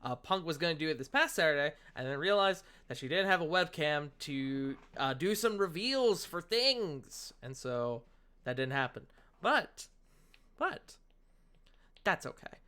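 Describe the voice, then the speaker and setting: Bright excitable male host. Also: fairly high pitch, a little slow, clear, resonant tone. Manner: laughing, swearing, excitable. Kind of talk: casual stream chat.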